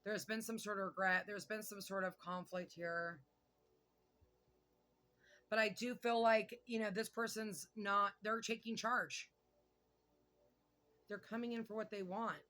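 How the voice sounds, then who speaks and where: Woman tarot reader, bright edgy tone, loose and gabby, curses casually, thinks out loud. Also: medium pitch. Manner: chatty, excitable, swears casually, pauses to think aloud. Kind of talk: casual tarot card reading.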